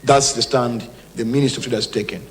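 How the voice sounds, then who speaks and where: A man's voice: medium pitch, fairly even intonation, a little fast, in a large hall. A man with a Malawian accent, a government minister giving an emphatic public speech with firm warnings. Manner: emphatic, forceful warnings, switching between English and Chichewa.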